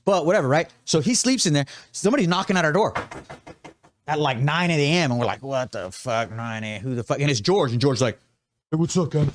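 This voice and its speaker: Animated man spinning a wild story. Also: a little high, a little fast, no echo. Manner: animated, swearing a lot, acting out other people's lines. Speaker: tattoo artist host telling a story. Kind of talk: casual storytelling on a podcast.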